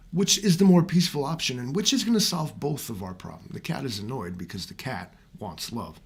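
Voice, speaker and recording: A man's voice: mid-range voice, very animated, brisk, breathy edge. A man ranting casually to his viewers in a vlog, rambling and swearing often as he talks straight to them. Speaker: vlogger. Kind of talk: casual rant to camera.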